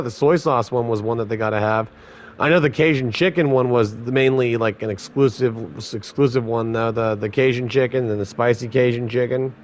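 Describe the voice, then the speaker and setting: A former corrections officer telling blunt, heavily profane stories in casual podcast chat. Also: male voice, medium pitch, a little hiss or hum.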